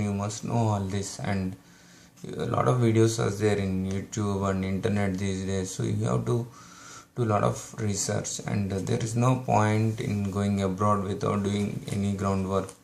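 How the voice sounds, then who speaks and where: This Indian YouTuber offers casual advice to his audience in an Indian English accent, stumbling through fillers and frequent restarts. His fairly low voice has vocal fry and a darkish tone, with slight background noise.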